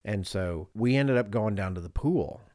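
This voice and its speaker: A man's voice: fairly low pitch, lively intonation, moderate pace, darkish tone, no echo, clean studio sound. A man in his thirties, a podcast co-host, telling a travel story in casual chat and slipping into voices of the people in it.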